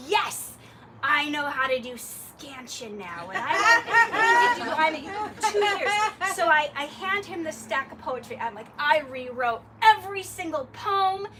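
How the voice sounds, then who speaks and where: A woman telling a lively story at a memorial gathering, laughing often and acting out the dialogue. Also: on the high side. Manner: animated, laughing, acts out dialogue. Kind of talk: storytelling tribute. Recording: distant mic with clear background noise.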